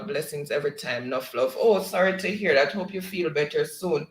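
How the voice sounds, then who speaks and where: This Jamaican woman, hosting a livestream, briskly reads out viewer comments in a chatty way, laughing frequently. Her voice is low, and the rough recording has a roomy sound.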